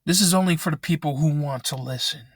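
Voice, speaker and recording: A man's voice: a little high, fast talker, breathy edge, dry recording, clean studio sound. A young man angrily venting and swearing in a rant vlog, recorded in his parked car on a laptop microphone. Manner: angry, frustrated, swearing often. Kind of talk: ranting vent vlog.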